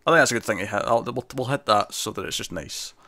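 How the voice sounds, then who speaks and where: A man's voice: fairly low pitch, quick pace, bright, forceful tone, no echo. A Scottish man co-hosting a TV review show, chatting casually and rambling, laughing often.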